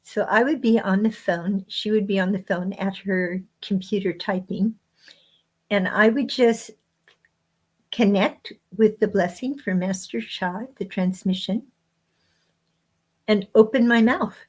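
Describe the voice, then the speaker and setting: A woman guest author giving a spiritual teaching talk in slow, measured phrases with frequent pauses. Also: mid-range voice, steady tone.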